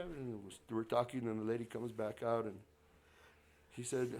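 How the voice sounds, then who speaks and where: Chuckling man telling a lively story. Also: mid-range voice, a little fast, creaky, a crowd in the background. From northern New Mexico. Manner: lively, acts out both sides of a dialogue, chuckles often. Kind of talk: telling a personal story to a live audience. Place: public library event room.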